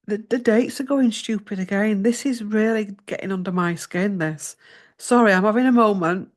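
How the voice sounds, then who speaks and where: A woman's voice: medium pitch, normal speed. A woman hosting a tarot channel, flustered and swearing as she talks through her research in casual chat. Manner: flustered, muttering and swearing to herself.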